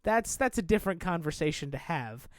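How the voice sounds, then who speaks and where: A man's voice: a little high, very animated, a little fast, dry recording, studio quality. A man co-hosting a podcast in casual, rambling, jokey chat. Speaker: podcast co-host.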